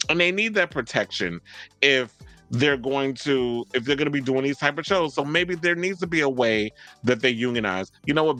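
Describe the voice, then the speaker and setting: Chatty profane man, bright voice. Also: a little high, no echo. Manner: chatty, profane, animated, laughs often. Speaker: host. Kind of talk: casual commentary monologue.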